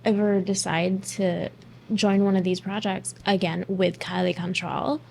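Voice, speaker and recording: A woman's voice: mid-range voice, normal speed, gravelly, music in the background. Blunt, snarky woman reacting to a movie. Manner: blunt, swears freely, snarky. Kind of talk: casual reaction commentary.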